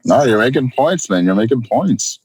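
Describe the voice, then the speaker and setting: A man's voice: mid-range voice, animated, normal speed, a little mellow, breathy edge, poor audio. A young man co-hosting a podcast, blunt and incredulous, talking in casual slang. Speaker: podcast co-host. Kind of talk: casual reaction chat.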